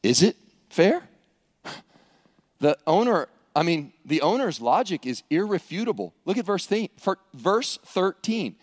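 A man's voice: sits high, wildly swooping pitch, normal speed, in a large hall. A man preaching a sermon, acting out scenes with humor. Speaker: pastor.

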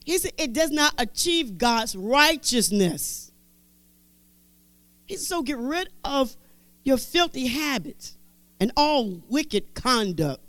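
A high-voiced woman preaching a sermon, her pitch swinging widely as she drives each point home. She repeats scripture phrases with emphasis and drops into casual, conversational asides. The sound is dry and close. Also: big pitch swings, slow pace, fairly bright tone, no room sound. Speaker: Bible teacher.

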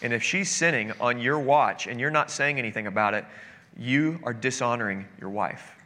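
A man preaching in a church sanctuary, earnest and conversational, slipping into casual asides. His voice is strikingly bright and forceful. Long reverb hangs in the hall around him. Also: medium pitch, normal speed. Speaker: pastor. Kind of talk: sermon.

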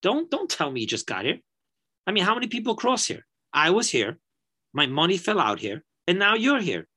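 Guy doing a mad rich man yelling accusations, fairly high voice. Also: wildly swooping pitch, normal speed, husky, exaggerated voice. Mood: angry. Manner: shouting, accusing.

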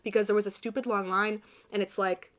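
A young woman in her twenties chatting casually, telling a lively story with quick asides. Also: medium pitch. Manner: animated storyteller, quick asides and quoted voices. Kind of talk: casual chat.

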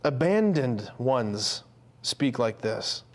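A man's voice: mid-range voice, big pitch swings, very slow. A man giving an earnest, conversational sermon to men, with frequent fillers and restarts.

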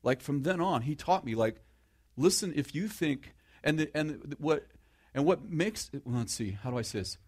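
A middle-aged man preaching in a relaxed, conversational way, with a sarcastic, self-mocking humor. He restarts his sentences often and turns to the audience with questions. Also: on the high side, moderate pace, hardly any pauses. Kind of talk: conversational sermon.

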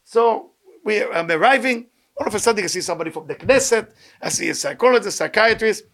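A man's voice: high-pitched, lively intonation, brisk, fairly bright tone. A man preaching a weekly sermon to a live audience, emphatic and repetitive, with humorous asides. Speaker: preacher giving a weekly talk.

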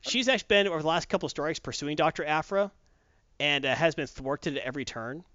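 Brief: lively storytelling male co-host, voice leaps around, dull, dry sound. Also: on the high side, fast talker, no echo. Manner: animated retelling, acts out characters. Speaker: podcast co-host. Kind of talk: casual chat.

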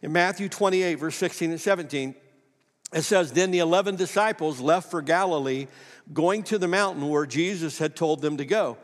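A middle-aged pastor preaches from the pulpit at normal speed, his high voice carrying through the long reverb of a church sanctuary. His sermon weaves in personal storytelling told folksily, and he pokes fun at himself and acts out the voices of people he quotes, still nursing a lingering cough.

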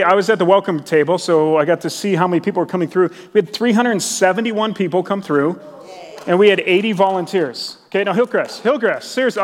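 Middle-aged male pastor, high-pitched, chatty and excitable preaching in a church with lingering echo. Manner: casual, enthusiastic, many "like" fillers. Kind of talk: sermon. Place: church sanctuary. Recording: long church hall reverb.

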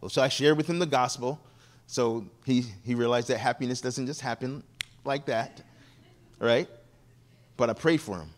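A man's voice: normal speed, long pauses. A man preaching as a guest, telling stories from the pulpit and acting out the voices of the people in them. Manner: animated, acts out quoted people with shifting pitch. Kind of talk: sermon storytelling.

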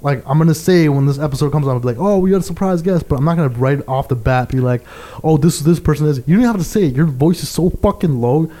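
A young man hosts a casual podcast, loud and teasing, with profanity sprinkled through his banter. His voice sits a bit higher than most men's. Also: quick pace. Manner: loud, teasing, swears a lot. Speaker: podcast host. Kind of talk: casual chat.

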